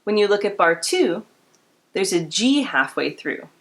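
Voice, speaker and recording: A woman's voice: medium pitch, big pitch swings, measured pace, fairly bright tone. A woman teaching a beginner string class, explaining bowing and counting students in with encouragement. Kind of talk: instrument lesson. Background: instrument playing.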